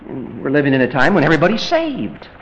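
Male preacher, sermon, high voice, emphatic build-ups, faint ambient noise. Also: fast, lo-fi sound. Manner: animated, rising to emphatic peaks, mimics voices for illustration.

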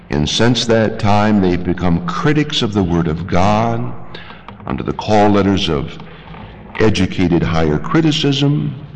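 A man preaching a sermon with emphatic delivery, climbing into high-pitched outbursts. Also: gravelly, slight background noise. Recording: long hall reverb.

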